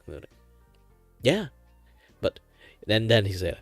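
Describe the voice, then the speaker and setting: A man from Malaysia chatting casually on his art livestream, rambling with many fillers and frequent chuckles in a relaxed, low natural voice. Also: normal speed, long pauses, no echo, soft background music. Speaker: VTuber art streamer.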